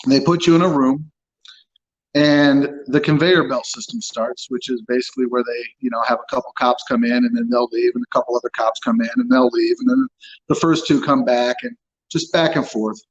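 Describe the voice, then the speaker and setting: A man of ordinary pitch tells his story as an interview guest, blunt and unfiltered, with curse words slipping in as plainly as any other word. The audio is dull and lo-fi. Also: a little fast. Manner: blunt, swears freely, frank storytelling. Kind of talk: candid personal account.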